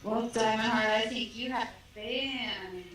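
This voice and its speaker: A woman's voice: a little high, a little slow, fairly bright tone, faint music behind. A woman co-hosting a comedy stream, bantering and teasing playfully. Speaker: stream co-host. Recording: roomy echo.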